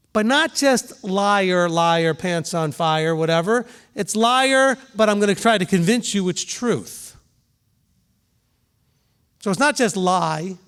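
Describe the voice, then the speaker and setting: A man with a notably high voice gives a sermon to his congregation in an easy, talking style. He stops now and then to check the room understands and throws in quick spoken examples. He sounds middle-aged and unhurried. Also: fairly bright tone. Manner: conversational preaching, asks the room questions, voices quick examples. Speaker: rabbi teaching a congregation.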